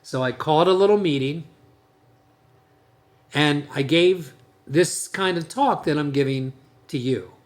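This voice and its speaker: A man's voice: fairly high pitch, unhurried, long pauses. A man hosting a podcast as a dentist, giving a blunt, emphatic monologue with frequent restarts.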